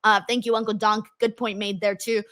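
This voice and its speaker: A woman's voice: mid-range voice, little pitch movement, brisk, fairly bright tone. A woman hosting a casual live stream, chatting and reading viewer comments aloud with lots of ums. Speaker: host reading live chat.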